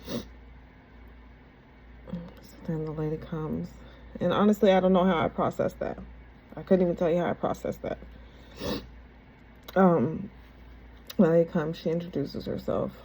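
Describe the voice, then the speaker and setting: A woman candidly retelling a personal story in a casual, halting, conversational way. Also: fairly low pitch, steady tone, dark tone, a little hiss or hum, low-quality recording.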